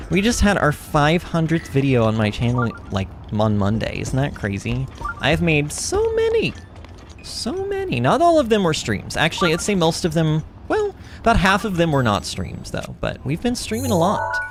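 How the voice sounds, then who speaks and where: A woman's voice: low voice, very animated, normal speed, faint music behind. A woman streaming a video game and chatting casually with her viewers, talking in a bubbly way with lots of fillers and restarts. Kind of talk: casual livestream chat while playing.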